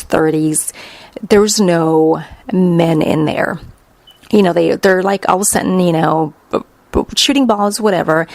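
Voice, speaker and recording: A middle-aged woman hosting a podcast, telling a story in a blunt, profane, animated way. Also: on the low side, vocal fry, no echo. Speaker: podcast host. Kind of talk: casual storytelling monologue.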